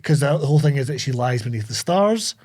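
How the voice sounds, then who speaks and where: A man's voice: mid-range voice, fairly quick. Scottish man in a casual podcast chat. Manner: excitable, swearing storyteller recapping a film. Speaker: podcast co-host.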